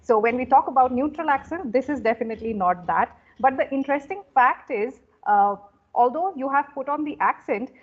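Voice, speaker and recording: A woman's voice: high voice, animated, a little fast, phone-quality sound. A woman from India hosting an interview as a communication coach, encouraging and full of affirmations. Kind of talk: conversational interview.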